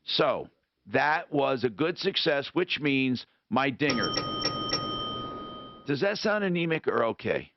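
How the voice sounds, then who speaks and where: A man hosting a call-in radio talk show, rambling and thinking out loud with frequent restarts. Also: medium pitch, sing-song, slow, long pauses. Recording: dull lo-fi radio broadcast.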